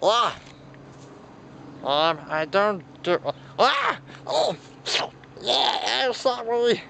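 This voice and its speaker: Man, high and very animated, slow delivery; improvised toy-play storyteller doing all the voices, lots of gasps. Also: creaky, a little hiss or hum. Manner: animated, with frequent gasps and exclamations.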